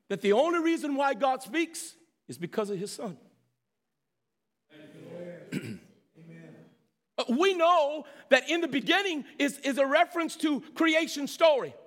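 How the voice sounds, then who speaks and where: High, lively-voiced male preacher. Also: unhurried, long pauses. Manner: animated preaching with rhetorical questions and repeated phrases. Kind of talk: sermon. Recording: long reverb of a large hall.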